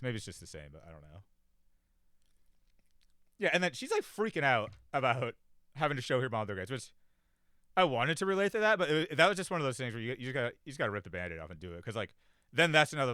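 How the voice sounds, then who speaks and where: Young guy rambling about a cartoon, bright clear voice, bouncy pitch, dry close mic. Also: no room sound. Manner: rambling, lots of "like", swears, mimics characters. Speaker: podcast host reviewing a cartoon. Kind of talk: casual chat.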